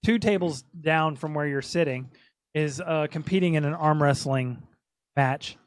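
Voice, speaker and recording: Brief: male game master, slightly high voice, loose and chatty, dry close mic. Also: unhurried, no room sound. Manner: casual, laughing, stumbling over words. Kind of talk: narrating a tabletop game.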